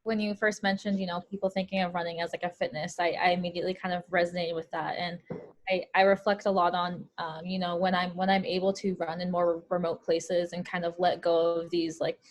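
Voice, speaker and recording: Panel guest, woman, lowish flat voice, reflective and chatty. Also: fairly quick. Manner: reflective, many "you know" fillers. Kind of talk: casual panel talk.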